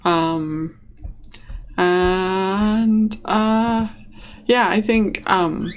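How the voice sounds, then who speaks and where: A game master narrating a tabletop role-playing game in a hesitant, relaxed way with frequent ums. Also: medium pitch, extremely slow, slight background noise. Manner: hesitant, lots of ums, laughs often.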